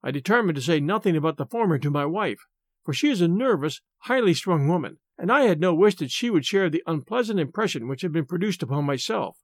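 A man reads a classic tale in the first person with a lively, rising and falling delivery. His voice sits high for a man, and the recording is close and dry. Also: quick pace, dry recording. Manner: expressive, animated first-person storytelling. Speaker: audiobook narrator. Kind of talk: scripted narration of a classic story.

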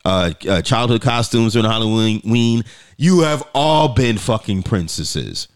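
A man's voice: lowish voice, lively intonation, unhurried, clear, resonant tone. A man co-hosting a podcast, telling stories in a casual, profane way and acting out quoted voices. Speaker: podcast co-host.

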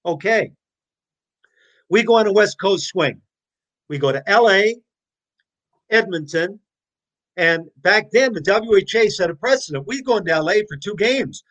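A man in his sixties telling his stories as an interview guest, animated, blunt and profane. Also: high voice, a little slow, pauses often. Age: 60s. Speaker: interview guest, former hockey player. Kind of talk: casual storytelling.

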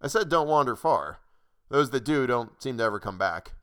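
A man's voice: mid-range voice, lively intonation, normal speed, fairly bright tone, smooth, natural voice. A man voicing a weary, resigned stranger in a suit.

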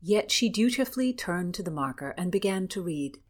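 A woman co-hosting a podcast and reading a historical story aloud in clear, measured narration. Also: lowish voice, expressive. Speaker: podcast co-host and reader.

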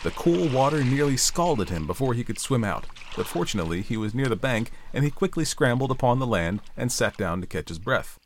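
A man reading a storybook aloud, expressive and playful, with chatty asides to the listener. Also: medium pitch, fairly quick, few pauses, slight background noise.

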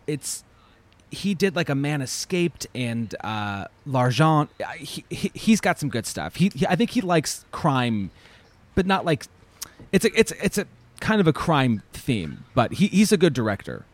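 A man's voice: a little high, big pitch swings, unhurried. A man guesting on a film podcast, sharing film knowledge with lots of hesitations and fillers. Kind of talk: casual film chat.

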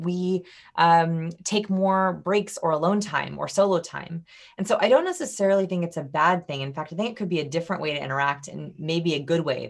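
A woman guest on a podcast, explaining body language and acting out different vocal tones. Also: fairly low pitch. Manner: animated, demonstrates vocal tones. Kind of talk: podcast interview.

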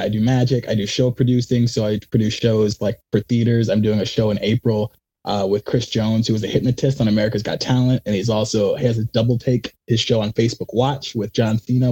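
A young man, a magician, telling rambling, animated stories in a casual interview and acting out quotes. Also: fairly low pitch, breathy edge. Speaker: magician guest.

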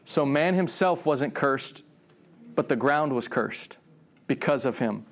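A man preaching a sermon, animated, often restarting his phrases and acting out voices in the story. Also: slow. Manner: animated, acts out God's voice with rising pitch; frequent restarts and repeated words.

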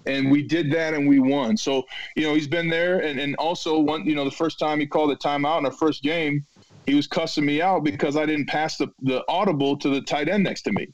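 A man in his thirties, a retired football player, telling stories as a podcast guest and acting out quotes loudly. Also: a little high, a little fast, no echo, dull audio. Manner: animated storyteller, acts out quotes loudly. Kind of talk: storytelling in a podcast interview.

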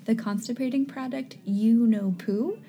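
A woman's voice: a little high, unhurried, warm tone, a little hiss or hum. A woman co-hosting a podcast in chatty scripted banter, laughing easily. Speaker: podcast co-host.

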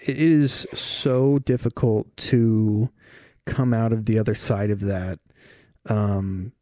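Male podcast host, lowish voice, casual and sympathetic, dry sound. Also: fairly even intonation, slow pace, darkish tone, no room sound. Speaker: interviewer. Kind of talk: podcast interview.

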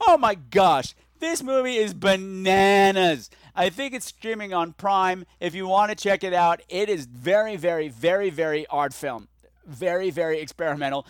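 A man hosts his own podcast, reviewing a movie in a loose, rambling monologue into his microphone. His voice sits a bit high and sounds dry and close, with no room echo. He drifts from low muttering to excited near-yelling. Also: moderate pace, clean tone. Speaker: podcast host. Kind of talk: casual solo movie review.

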